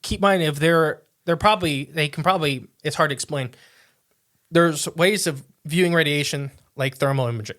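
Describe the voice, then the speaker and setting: A man co-hosting a casual podcast, chatting in a rambling way and reading quotes aloud haltingly. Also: on the high side, a bit bright, no echo, studio quality. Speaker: podcast co-host.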